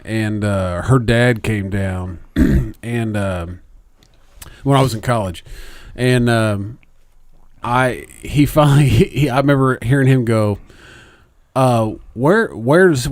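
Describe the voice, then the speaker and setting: A man's voice: on the low side, a little slow, no echo. A man with a Southern US accent, co-hosting a podcast in casual chat, laughing often and swearing freely. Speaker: podcast co-host.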